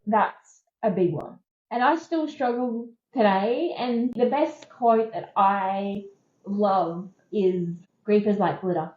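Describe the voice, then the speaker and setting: An Australian woman in her thirties tells her own story in a candid, conversational way, often repeating a point for emphasis. Her pitch sits in the middle range for a woman. The recording is a little dull and has a roomy echo. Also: slow, a little mellow. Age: 30s. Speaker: podcast host. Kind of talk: personal storytelling.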